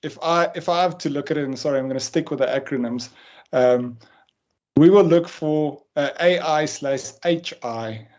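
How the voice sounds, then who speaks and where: A man's voice: fairly high pitch, normal speed, darkish tone. A man speaking on an online panel, hesitant with many fillers. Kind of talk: panel discussion. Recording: dull lo-fi call audio.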